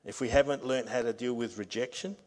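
A male pastor giving a sermon at a church service through a microphone, earnest and building to loud, emphatic passages. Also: medium pitch, a little fast. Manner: earnest preaching that swells to loud, emphatic reading.

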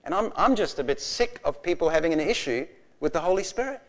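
A man in his forties preaching a sermon, passionate and animated, telling stories with bursts of laughter. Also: on the high side, fast. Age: 40s. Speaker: pastor.

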